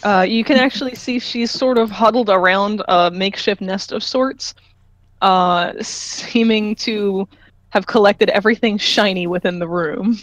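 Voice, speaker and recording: A woman's voice: mid-range voice, fairly even intonation, unhurried, no echo. A woman running a tabletop game as game master, narrating loosely with fillers and small laughs.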